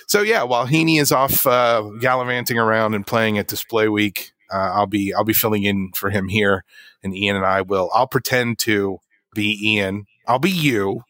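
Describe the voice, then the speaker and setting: Man, casual show host, rambling and self-mocking, lowish voice, dry close sound. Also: moderate pace, fairly bright tone, no room sound. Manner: rambling, self-deprecating, stumbles and restarts. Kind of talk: casual tech show chat. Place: studio.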